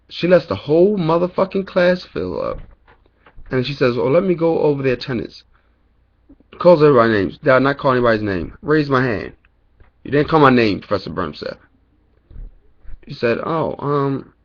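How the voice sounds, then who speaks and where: A man's voice: lowish voice, highs cut off. A young man telling a long, angry story about college in a casual vlog, swearing a lot and rambling with fillers. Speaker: college student vlogger.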